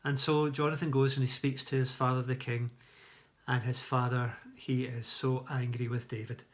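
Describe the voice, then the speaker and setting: A church leader reads a Bible story at an even, mid-range pitch. His delivery is plain and steady, and he breaks off now and then for brief explanatory asides. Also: moderate pace. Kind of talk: Bible story reading with commentary.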